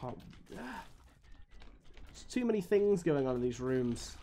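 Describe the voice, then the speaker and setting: A man's voice: a little high, very animated, slow pace, mellow, slight background noise. A young man streaming a game live, grumbling and swearing at it as he plays. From United Kingdom. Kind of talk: live gameplay commentary.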